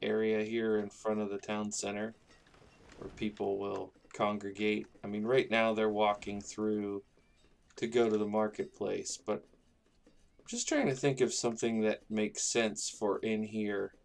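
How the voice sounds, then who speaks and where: A man's voice: fairly low pitch, level tone, measured pace, vocal fry. A man casually commenting on his own gameplay, rambling and thinking aloud as he builds a town. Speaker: gaming YouTuber.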